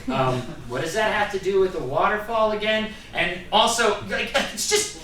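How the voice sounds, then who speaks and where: Male stand-up comic, high and animated, distant stage mic in a roomy hall with audience laughter. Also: normal speed, few pauses. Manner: animated, acts out characters in shouted voices. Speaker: stand-up comedian. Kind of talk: stand-up comedy set. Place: theatre stage with live audience. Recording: echoey theatre, distant mic, crowd laughter.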